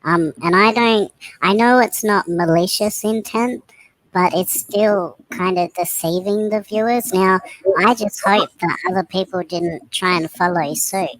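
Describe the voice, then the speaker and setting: A woman's voice: medium pitch, measured pace, fairly bright tone, no room sound, low-quality recording. A woman co-hosting a casual chat, direct and teasing. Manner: direct, teasing, laughs easily.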